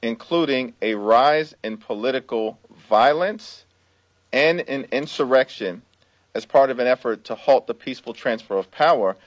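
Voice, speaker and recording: A man speaking as a politician giving a formal press statement, measured and deliberate. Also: medium pitch, dry recording. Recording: dull, dry played-in clip.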